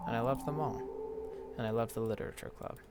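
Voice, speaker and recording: A man's voice: mid-range voice, fairly even intonation, fast, over loud music, natural voice. A man reading aloud the lines of a heartbroken teenage girl character from a game, with pleading, wounded emphasis. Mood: remorseful.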